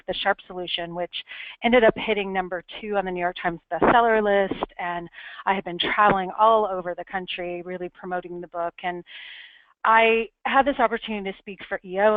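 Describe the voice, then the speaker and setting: A woman's voice: medium pitch, no echo. A woman giving a candid, earnest talk as a webinar speaker, telling a personal story. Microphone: webinar call audio. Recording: tinny phone-like webinar audio, dry.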